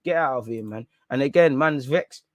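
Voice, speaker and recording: A young man hosting a live football reaction stream, ranting loudly and mockingly in street slang. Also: medium pitch, normal speed, no room sound. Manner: loud, mocking, slangy, reads quotes aloud sarcastically. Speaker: football fan channel host.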